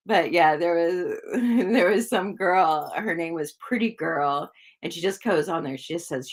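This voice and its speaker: A woman's voice: lowish voice, slow. A woman chatting casually with viewers on a livestream, rambling with lots of fillers and little giggles. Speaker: psychic livestreamer.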